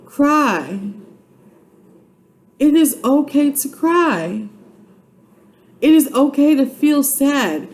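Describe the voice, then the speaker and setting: A woman's voice: sits high, lively intonation, drawn-out words, pauses often, darkish tone, low-quality recording. A woman in her twenties giving an earnest, faith-based motivational vlog, urging and repeating herself like a preacher. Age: 20s. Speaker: YouTube vlogger.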